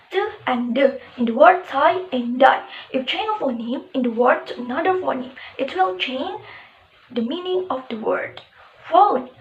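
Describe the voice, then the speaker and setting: Young woman, Indonesian accent, high voice, echoey room, faint background noise. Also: highs cut off. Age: young adult. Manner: steady reading of definitions with examples. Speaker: student presenter. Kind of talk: reading a prepared class presentation.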